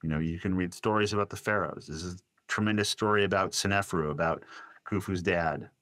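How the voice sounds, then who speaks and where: Podcast guest, male, low voice, dry close mic, animated storyteller who quotes voices. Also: brisk, no room sound. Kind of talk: storytelling in a casual interview.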